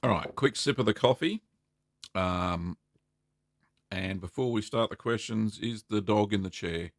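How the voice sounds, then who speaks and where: Chatty Australian man with a low voice. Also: a little slow, no room sound, clean studio sound. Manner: friendly, rambling, greets viewers by name. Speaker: host. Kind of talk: casual live-stream chat.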